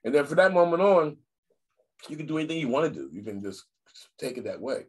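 An older man, a guest magician in casual video-call chat, telling stories in an animated way and repeating phrases for emphasis. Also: on the high side, fast talker, breathy edge.

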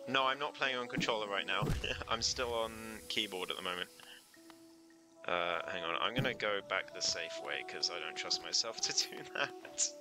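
A man's voice: on the low side, normal speed, music in the background. A man chatting casually as he streams a video game, reacting aloud and laughing often. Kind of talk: casual live gameplay commentary.

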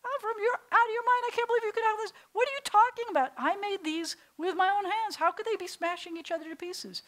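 A woman voicing an alarmed, angry father who yells in a shrill voice. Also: brisk. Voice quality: yelling, shrill.

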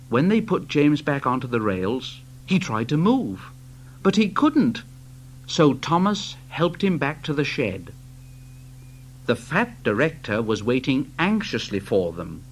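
Slow, lively British storyteller man. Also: medium pitch, slightly rough. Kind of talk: storybook narration.

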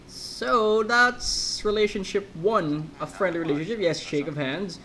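A man's voice: high-pitched, measured pace, bright, forceful tone, poor audio. A man giving casual let's-play commentary, rambling between jokey asides.

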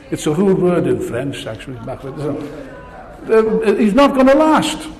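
A man's voice: sits high, huge pitch swings, measured pace, darkish tone. An older man giving a rousing political speech, sarcastic and full of rhetorical questions, before an audience in a large hall. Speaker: political speaker.

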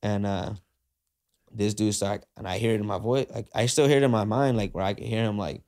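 A man's voice: on the low side, steady tone, a little fast, darkish tone. A man, a podcast guest, retelling a story in slangy casual speech, full of "like" and "uh", acting out the quoted dialogue. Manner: frequent fillers like "like" and "uh".

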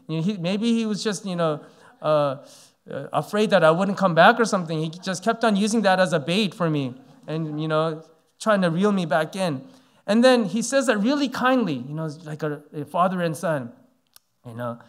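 A man's voice: a little high, animated, normal speed. A man in his forties from Canada, preaching a sermon as a pastor and telling a story with many fillers. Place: church sanctuary.

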